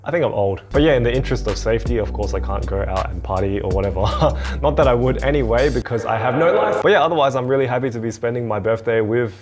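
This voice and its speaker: A man in his twenties hosts a casual reaction video from a home studio, chatty and excitable, laughing often. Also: medium pitch, fast, soft background music. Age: 20s. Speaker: host. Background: marching percussion show playing.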